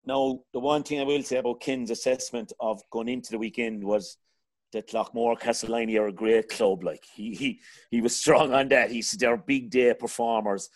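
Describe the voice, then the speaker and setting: A middle-aged Irish man hosts a relaxed sports chat in a rambling, conversational way. He talks in an everyday middle voice and keeps calling his panel lads. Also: mid-range voice, moderate pace. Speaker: podcast host.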